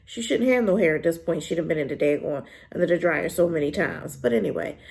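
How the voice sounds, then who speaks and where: Female reviewer, lowish gravelly voice, casual and emphatic delivery. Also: fast. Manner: animated, emphatic, colloquial with pitch jumps when worked up. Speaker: drama reviewer.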